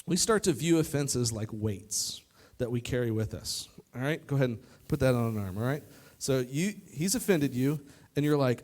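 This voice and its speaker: A man preaching a youth sermon to a live audience, lively and joking, talking straight to the crowd. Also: mid-range voice, normal speed, hardly any pauses. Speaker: youth pastor. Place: church youth service in front of an audience.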